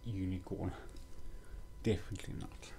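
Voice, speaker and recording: A man's voice: low voice, steady tone, normal speed, warm tone, slight background noise. A young man reviewing a toy kit in a casual vlog, muttering and sighing with exasperation as he paints.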